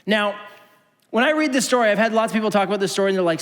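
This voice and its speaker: A man preaching a sermon as pastor, an animated storyteller who acts out voices and swings from loud to hushed. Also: high-pitched, racing. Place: church auditorium. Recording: long church hall reverb.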